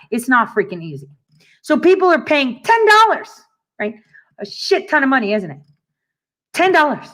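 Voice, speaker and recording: A woman hosting a casual commentary show, talking in a profane, sarcastic, animated rant. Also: on the high side. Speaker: show host.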